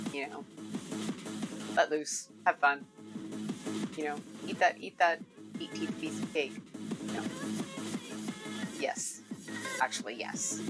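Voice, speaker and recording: A young woman hosting a casual cooking live stream, chatting with viewers, laughing often and swearing freely. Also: lowish voice. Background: music playing.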